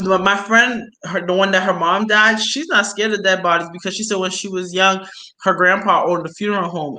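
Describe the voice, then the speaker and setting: A young woman with a bright, forceful voice, chatting casually as a host. She tells stories with plenty of slang and breaks into laughter often. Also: on the low side. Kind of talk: casual storytelling chat.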